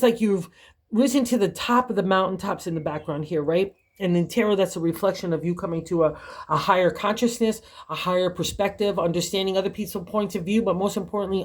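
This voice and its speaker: A woman's voice: medium pitch, fairly quick, darkish tone. An older woman giving a casual, encouraging tarot reading, chatty and full of conversational fillers. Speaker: tarot reader.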